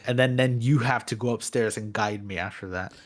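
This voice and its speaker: A man co-hosting a gaming podcast, chatting in an animated, joking way and swearing casually. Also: on the low side, a little fast. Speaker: podcast co-host. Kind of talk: casual chat.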